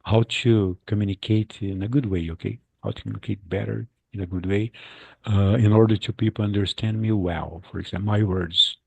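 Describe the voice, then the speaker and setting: Low gravelly guy running an online english chat, animated, keeps repeating himself, dry close mic. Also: fairly quick, no echo. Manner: animated, repeats words, acts out quotes. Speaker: host of an English practice chat. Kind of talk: casual group chat.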